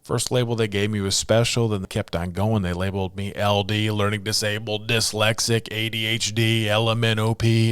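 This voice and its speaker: A man's voice: on the low side, level tone, moderate pace, hardly any pauses, fairly bright tone, smooth, dry recording. A motivational speaker, a man, talking in an earnest way with light jokes.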